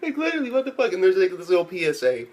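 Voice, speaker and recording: A man's voice: high-pitched, wildly swooping pitch, rapid-fire, darkish tone. A man recapping an anime episode in a casual, profane way, often incredulous and laughing as he retells it. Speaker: anime reviewer.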